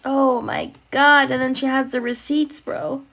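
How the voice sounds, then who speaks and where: Young woman streamer, casual slangy reactions, emotional delivery; slow pace, gravelly fry. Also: sits high, little pitch movement, a bit bright. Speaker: livestreamer. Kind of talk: casual livestream commentary.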